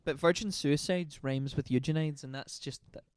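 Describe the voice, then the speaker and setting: A man's voice: fairly high pitch, normal speed, smooth, no echo. A man co-hosting a casual book podcast, dry and teasing as he steers the talk. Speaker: podcast co-host. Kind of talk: casual chat.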